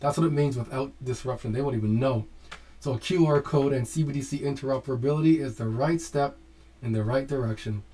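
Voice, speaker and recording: Guy doing crypto commentary, mellow low-key voice, keeps repeating and restarting. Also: fairly quick, rough recording. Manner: thinking aloud, repeats and restarts phrases. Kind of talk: casual commentary over a screen share.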